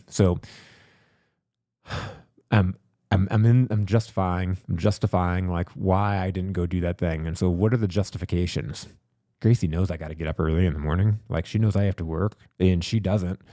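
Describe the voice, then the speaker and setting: Low-voiced man telling stories, dark tone. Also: dry recording, clean studio sound. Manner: rambling, repeats words, reflective. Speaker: podcast host. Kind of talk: candid personal storytelling. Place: studio.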